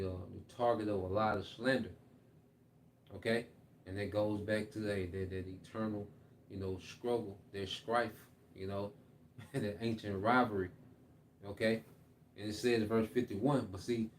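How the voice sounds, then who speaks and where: A man's voice: on the low side, darkish tone, slight background noise. A man giving informal scripture teaching, reading verses aloud and then explaining them in a loose, repetitive way, often tagging lines with "man" and "okay?". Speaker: Bible teacher.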